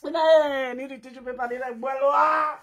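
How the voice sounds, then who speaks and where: A woman's voice: sits high, fairly even intonation, measured pace, a little hiss or hum. A woman with a Nigerian accent doing a comic skit, fake-crying, wailing and laughing in Pidgin English. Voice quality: loud wailing and laughing, sing-song fake sobbing.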